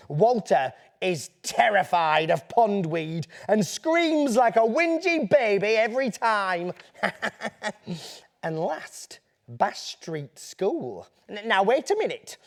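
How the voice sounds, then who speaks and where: A man's voice: sits high, full character voice. A man voicing a cheeky, boastful young boy prankster with a Northern English accent, reading a children's book aloud in character. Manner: bouncy, conspiratorial, boastful storytelling.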